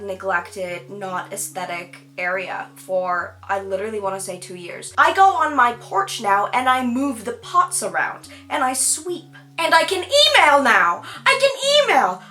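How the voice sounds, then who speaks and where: A woman's voice: a little high, bright, forceful tone. A woman talking candidly in a casual vlog at home, chatty and self-deprecating, with lots of "like" and laughter. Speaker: YouTuber.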